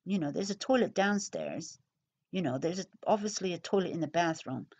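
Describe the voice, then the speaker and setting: A woman's voice: fairly low pitch, lively intonation, brisk, darkish tone, muffled recording. A woman giving casual recorded commentary on a true crime case, chatty and repetitive, speculating aloud with asides.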